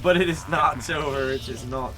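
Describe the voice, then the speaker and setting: A man's voice: mid-range voice, normal speed, poor audio. A young man from New Jersey, chatting casually and jokingly while playing a co-op game, rambling with lots of "like". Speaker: gamer co-op commentator. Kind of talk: casual chat over gameplay. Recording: game music clearly behind.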